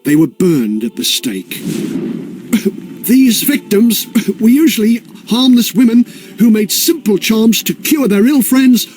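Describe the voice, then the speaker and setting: A man's voice: high voice, a little mellow. A man narrating a children's history story in a playful, sing-song way.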